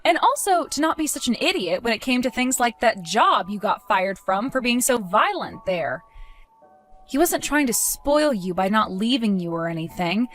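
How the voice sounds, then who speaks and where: A woman in a dramatized story, speaking as a wronged fiancée, calm, cold and accusing, over faint music. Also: on the high side, normal speed. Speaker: wronged fiancée telling her side.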